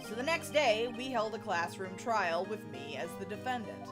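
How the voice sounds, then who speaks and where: A woman reading the lines of a young man recalling a sad day at school, in her own voice, soft and subdued. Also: mid-range voice, animated, moderate pace, close to an everyday voice. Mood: wistful. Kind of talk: game narration read aloud. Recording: music playing underneath.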